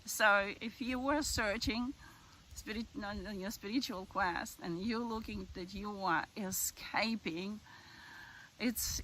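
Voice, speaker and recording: A woman's voice: mid-range voice, pushed and bright, rough recording. A woman with a voice, earnestly telling a personal story about her spiritual path, with restarts and small laughs. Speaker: spiritual video host.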